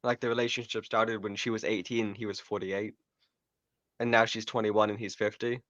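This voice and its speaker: A man's voice: fairly low pitch, little pitch movement, a little fast, fairly bright tone, no echo. A man commenting on a live stream, mocking and laughing often, heard through a dull lo-fi mic.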